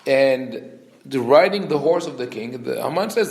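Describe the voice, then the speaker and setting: A man teaches a Torah class as a rabbi. His voice sits at a medium pitch, and he reads Hebrew verses fast before explaining them. He acts out the characters' lines with lively intonation, and the room gives the recording a noticeable echo. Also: creaky. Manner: explains verses, reading Hebrew quickly then translating.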